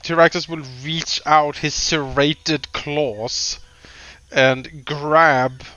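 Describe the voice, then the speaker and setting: A man taking part in a tabletop game, describing what his dragon does. He speaks slowly and deliberately, with a bright, forward tone. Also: on the high side, steady tone, dry recording, dull audio. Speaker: player.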